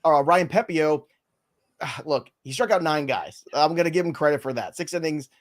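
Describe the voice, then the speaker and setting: A man hosting a casual sports podcast, playful and laughing often as he runs through a quick rundown. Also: a little high, lively intonation. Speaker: podcast host.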